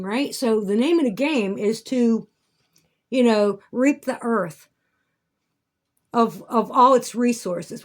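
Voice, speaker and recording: A woman's voice: fairly high pitch, measured pace, a little mellow. A woman rambling through a casual vlog monologue, swearing and breaking into indignant outbursts. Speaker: vlogger.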